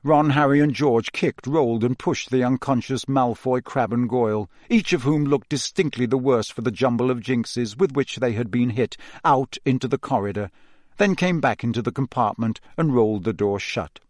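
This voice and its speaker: A man narrates an audiobook in a steady, measured way, at a middle pitch for a man. The sound is close and dry, with no room around it. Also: no room sound. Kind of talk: scripted narration.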